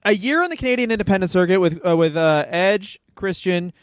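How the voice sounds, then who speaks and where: A man, a comedian, co-hosting a podcast in fast, profane, self-mocking banter. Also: high-pitched, expressive, no room sound, clean studio sound.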